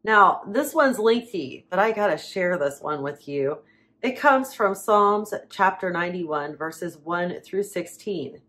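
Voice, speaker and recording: A woman preaching, reading Bible verses aloud with slow emphasis and dramatic pauses. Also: fairly low pitch, animated, a bit bright.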